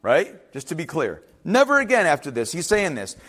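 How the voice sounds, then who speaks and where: High-voiced animated male preacher. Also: normal speed, husky. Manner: animated, acts out quoted voices, conversational asides. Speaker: pastor. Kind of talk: sermon.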